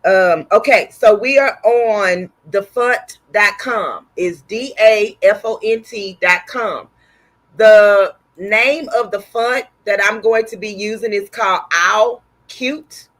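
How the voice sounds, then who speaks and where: A woman's voice: mid-range voice, slow, fairly bright tone. A woman with a Texas accent and a sore throat, hosting a casual embroidery livestream and chatting with viewers by name.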